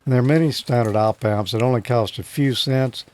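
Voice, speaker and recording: Male co-host, mid pitch, eager technical explainer, casual tone. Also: fairly quick, a little mellow. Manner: enthusiastic, explanatory. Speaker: co-host teaching radio exam material.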